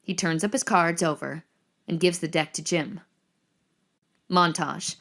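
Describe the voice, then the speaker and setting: A woman narrating the action lines of a screenplay reading in a measured, descriptive way. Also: lowish voice, fairly bright tone.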